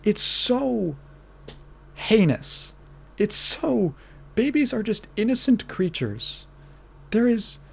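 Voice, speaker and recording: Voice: mid-range voice, a little mellow, husky. A podcast host ranting in casual commentary, exasperated and profane, often restarting and trailing off mid-phrase.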